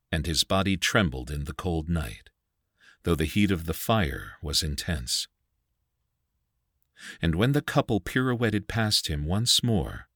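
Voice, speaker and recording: Male audiobook narrator, very low and unhurried, bright tone, dry close mic. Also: no echo. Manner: dramatic, measured storytelling.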